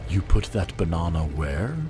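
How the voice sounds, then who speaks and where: A man's voice: low-pitched, normal speed, music in the background. A man with a Texan accent chatting casually and teasing his co-host while he plays a game on stream. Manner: laid-back, teasing, laughs often.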